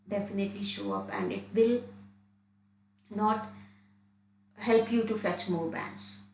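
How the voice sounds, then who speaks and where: A woman's voice: mid-range voice, echoey room, slight background noise, poor audio. A woman from India, an IELTS trainer, giving an online lesson and often restarting and repeating phrases as she explains.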